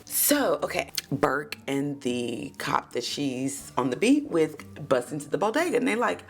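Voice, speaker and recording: A woman with a low, gravelly voice recaps a TV episode in a chatty, gossipy way. Her pitch swoops up and down as she talks, and she keeps calling the listeners baby and child. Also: big pitch swings, a little slow, hardly any pauses.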